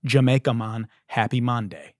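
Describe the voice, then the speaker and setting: A man hosting a comedy podcast, riffing on wordplay in a profane, animated monologue, his voice a little hoarse. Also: mid-range voice, normal speed, no echo, studio quality. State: slightly hoarse. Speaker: podcast host.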